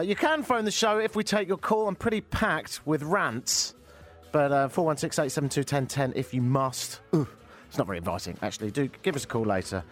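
A man hosting a comic radio talk show from the studio, ranting in a sarcastic, self-mocking way. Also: mid-range voice. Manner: sarcastic, self-mocking rants with mimicked chants.

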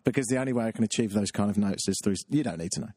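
A British man hosting his own show, doing a self-mocking comic rant that keeps jumping up into a high squeaky voice. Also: racing, darkish tone, a little hiss or hum. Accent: British English. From Britain. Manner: exasperated, self-mocking, jumps into a high squeaky voice when riled. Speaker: show host. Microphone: webcam setup.

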